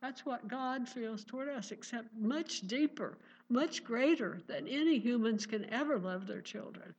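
A woman's voice: a little high, lively intonation, measured pace, a little mellow, slightly rough. A woman preaching a sermon with fervent conviction and repeated exclamations of praise. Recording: dull lo-fi recording.

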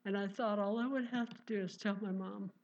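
A woman's voice: mid-range voice, steady tone, fairly quick, a little mellow. A woman preaching a sermon with fervent conviction and repeated exclamations of praise. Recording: dull lo-fi recording.

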